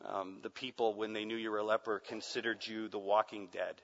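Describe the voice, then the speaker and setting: Male pastor, dramatic sermon delivery, bright tone, reverberant muffled hall recording. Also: fairly low pitch, flat delivery, fairly quick. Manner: dramatic, swings from hushed to loud shouting.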